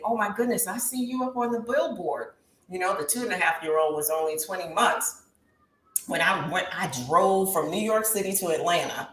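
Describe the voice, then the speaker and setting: A woman's voice: low-pitched, fairly bright tone. Impassioned woman in an echoey room. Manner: impassioned, preacher-like cadence. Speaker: guest talk show host. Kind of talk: emotional testimony in interview. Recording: roomy echo with faint background hiss.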